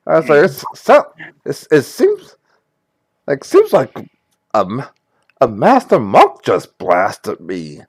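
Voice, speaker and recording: A man's voice: medium pitch, husky, dry recording, clean studio sound. A man playing a ship captain in a tabletop game, talking in character with many restarts. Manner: halting, restarts a lot, swoops up when excited.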